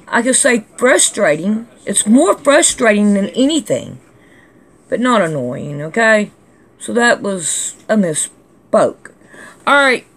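Woman vlog host, fairly high voice, slow drawl, chatty and scolding. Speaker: channel host reading comments. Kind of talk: casual comment-reading vlog.

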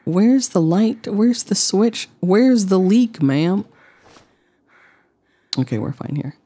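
A woman streaming a game, chatting to her viewers with rambling, deadpan jokes. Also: mid-range voice, slow. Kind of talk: casual gameplay commentary.

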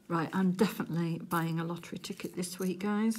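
A middle-aged woman from England chatting casually to viewers while she crafts, giggly and easily excited. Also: on the low side, brisk, slight background noise. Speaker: crafting vlogger.

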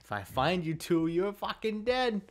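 A young man giving loud, excitable gameplay commentary, swearing and laughing often. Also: high-pitched, normal speed, noisy background. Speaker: gaming YouTuber.

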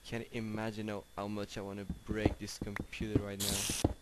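Here a lower-voiced man narrates his gameplay at a moderate pace in a completely flat delivery, still chatty, easily annoyed, and coaxing animals along the way. Background noise and clicks are clearly audible in this home recording.

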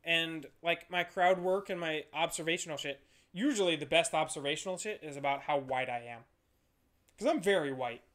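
A comedian man from Ohio talks loosely at a podcast table, swearing freely and poking fun at himself. His voice sits a little high for a man. He rambles through drunken, casual banter. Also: normal speed, a bit bright. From Ohio, USA. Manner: loose, profane, self-mocking.

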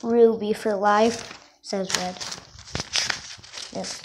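A woman casually showing off her drawings, halting and self-conscious, often apologizing. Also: medium pitch, steady tone, gravelly. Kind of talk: casual show-and-tell. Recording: noisy home recording.

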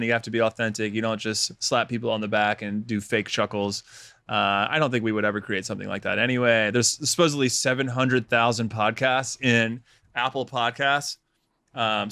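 A man's voice: mid-range voice, creaky, pushed and bright, clean tone, dry recording, clean studio sound. A man co-hosting a casual finance podcast, explaining taxes in an easygoing, joking way. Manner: joking, easygoing, quick asides. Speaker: podcast co-host, tax advisor.

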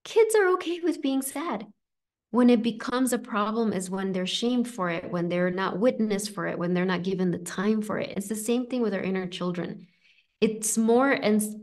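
A woman coach leading a live online session, talking gently and reassuringly, with frequent fillers and restarts. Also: medium pitch, a little slow. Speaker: inner child coach. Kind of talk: live coaching session, reading chat comments.

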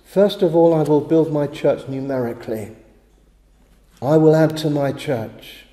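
A man preaches a sermon with a slightly high but very dark, mellow voice. He speaks in measured phrases and stumbles over small words before pressing on. The chapel around him rings with a long, roomy echo. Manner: measured preaching with halting restarts. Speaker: pastor. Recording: echoey chapel with long reverb.

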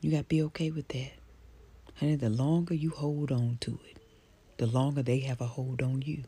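A middle-aged woman giving a gentle, affectionate motivational talk to the camera, soft-spoken and often dropping to a whisper, with folksy phrasing and endearments like honey and baby. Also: extremely low pitch, steady tone, moderate pace, slightly rough. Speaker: social media personality.

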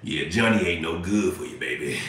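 A man voicing a low-voiced male psychic hotline worker who drawls and croons in a hushed tone. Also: recorded from a distance, a little hiss or hum. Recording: echoey room, away from mic.

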